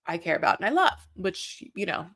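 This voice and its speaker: A woman's voice: on the low side, big pitch swings, a little fast, a bit bright. A woman host chatting casually as she recaps reality TV. She rambles, talks in circles and swears.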